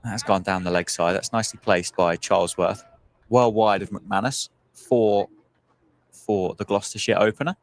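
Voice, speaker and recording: Low-voiced male cricket play-by-play caller. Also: fairly even intonation. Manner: measured play-by-play calls, agreeable. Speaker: cricket commentator. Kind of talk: live sports commentary.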